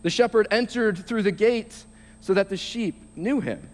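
A young man giving a short sermon, reading scripture slowly and then explaining it in a halting, casual way. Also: high voice. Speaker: youth speaker. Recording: long reverb of a large hall.

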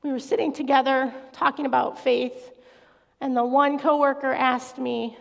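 High gravelly-voiced woman giving testimony. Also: level tone, normal speed. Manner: earnest, confessional. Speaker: guest speaker. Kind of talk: personal faith testimony. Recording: echoey hall reverb.

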